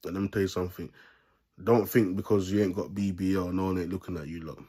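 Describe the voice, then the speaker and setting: Man, low husky voice, loose preacher vlog, repeats his catchphrase constantly. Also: fairly even intonation, fast, mellow. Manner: repeats "you get me" as a constant tag; laughs between points. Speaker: self-styled preacher vlogger. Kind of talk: casual preachy monologue to camera.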